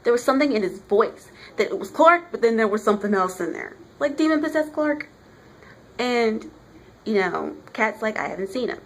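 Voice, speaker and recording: A woman's voice: fairly high pitch, animated, normal speed. A woman giving a casual, chatty vlog review of a comic book, talking with emphasis.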